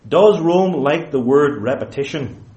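A man preaching a theological lecture-sermon, emphatic and deliberate, stretching key words and correcting himself as he explains. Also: fairly high pitch, expressive, darkish tone, dull audio. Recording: roomy echoey hall.

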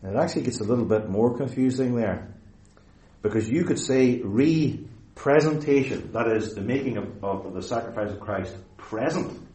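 A man preaching a theological lecture-sermon, emphatic and deliberate, stretching key words and correcting himself as he explains. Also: fairly low pitch, dark tone. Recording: roomy echoey hall.

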